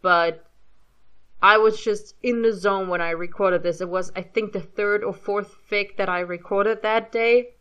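German-accented woman, 30s, bright clear tone, chatty self-mocking commentary. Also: mid-range voice, steady tone, unhurried, muffled recording. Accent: light German. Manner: chatty, self-deprecating, rambling with restarts. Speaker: fan audio reader. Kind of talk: casual spoken commentary.

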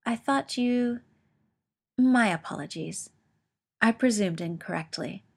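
Reader doing a calm proper lady officer, polite and careful. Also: mid-range voice, gravelly, husky, heavily acted. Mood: measured. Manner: polite, measured, formal. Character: composed formal woman officer.

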